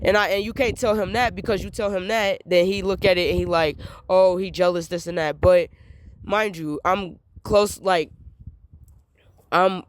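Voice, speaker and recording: A woman's voice: mid-range voice, fairly even intonation, measured pace. A young adult woman talking straight to her viewers in a candid monologue, venting emphatically and repeating her points. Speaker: vlogger.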